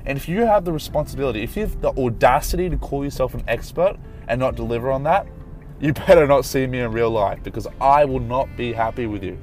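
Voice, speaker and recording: A man's voice: mid-range voice, fast, darkish tone, faint music behind. A man who hosts a podcast and works in marketing, ranting without a script. He swears, gets heated, and apologizes for his anger. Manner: angry, passionate, swearing, apologetic. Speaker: podcast host and Facebook marketer. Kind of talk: unscripted podcast rant.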